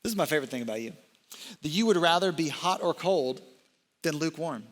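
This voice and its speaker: A young man preaches with a bright, forceful voice pitched a little high. He gets animated and keeps drifting into jokes and off-script asides. His stage mic carries a long reverb through a large church hall. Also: fairly quick. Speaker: college ministry director. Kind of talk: sermon.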